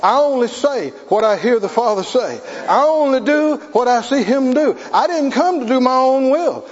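Preacher guy, real high lively voice, dull echoey hall sound. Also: normal speed. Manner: storytelling, emphatic, rising to near shouts. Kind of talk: sermon.

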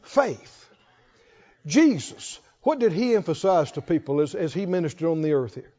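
A man's voice: fairly high pitch, big pitch swings, moderate pace, warm tone. A man preaching a sermon, repeating key phrases and calling on the congregation to say them with him. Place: church hall. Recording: dull echoey church recording.

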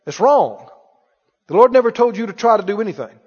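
A man's voice: high-pitched, lively intonation, brisk, a little mellow, slightly rough. A man preaching a sermon emphatically, leading his congregation in call-and-response. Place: church sanctuary. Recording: dull recording in a reverberant hall.

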